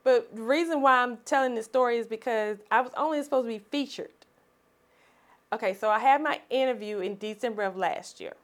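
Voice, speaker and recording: A woman speaks as a guest on a podcast, with a voice that sits a little high for a woman. She tells her story in an animated, expressive way and laughs often. Her delivery is conversational and lively. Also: fairly quick.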